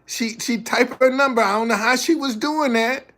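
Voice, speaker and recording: A man's voice: extremely high pitch, moderate pace, pushed and bright. A man giving a motivational talk indoors in a preachy way, repeating his key lines for emphasis. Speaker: motivational speaker. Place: indoors, a hot room.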